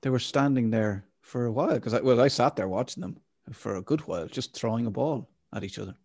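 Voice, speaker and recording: A man's voice: medium pitch, fairly quick, no room sound. Rambling Irish man, dry close sound. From Ireland. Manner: rambling, animated storytelling with restarts. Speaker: podcast co-host. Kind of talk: casual chat.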